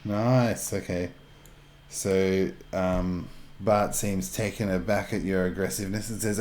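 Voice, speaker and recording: A man narrating a tabletop game as game master, halting with fillers and restarts. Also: sits low, steady tone, darkish tone.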